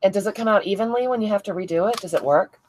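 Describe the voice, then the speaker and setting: A woman's voice: mid-range voice, very fast, darkish tone, a little hiss or hum, poor audio. A woman hosting a casual crafting livestream, chatting and laughing as she answers viewers by name. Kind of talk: casual livestream chat reading viewer comments.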